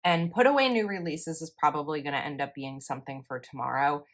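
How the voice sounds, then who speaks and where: A woman's voice: sits low, a little fast. A young woman, chatting casually and rambling a little as she talks through her planner. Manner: chatty, rambling, self-correcting. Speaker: planner vlogger. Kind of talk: casual voice-over while planning.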